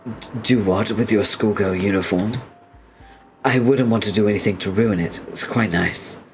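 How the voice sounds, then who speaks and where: A man's voice: fairly low pitch, moderate pace, music in the background, close to an everyday voice. A man reading as a prim, long-winded young male troll inventor who talks in a formal, stiffly polite way.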